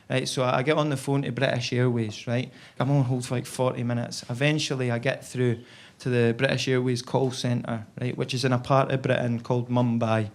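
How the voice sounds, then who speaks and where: A man's voice: mid-range voice, level tone, fairly quick, few pauses. A Scottish man doing stand-up, telling a long story chattily and tagging his lines with "right?". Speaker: stand-up comedian.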